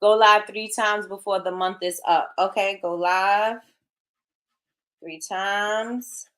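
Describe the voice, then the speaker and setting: A woman's voice: medium pitch, fairly even intonation, slow, a bit bright. A middle-aged woman hosting a casual livestream, chatting with viewers and reading their comments aloud in an encouraging way. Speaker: livestream host.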